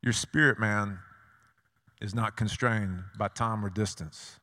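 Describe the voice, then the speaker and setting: A man's voice: fairly low pitch, fairly even intonation, takes it slowly, bright, forceful tone. Man, preacher, sermon, storytelling, rhetorical questions, repetitive phrasing, long hall echo.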